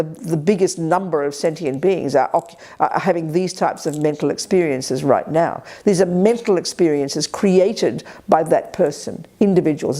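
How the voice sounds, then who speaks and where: A woman giving a spirited, blunt Buddhist teaching at a retreat, with quick asides and colloquial swearing. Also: sits low, warm tone. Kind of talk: dharma teaching to a live group. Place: retreat center hall.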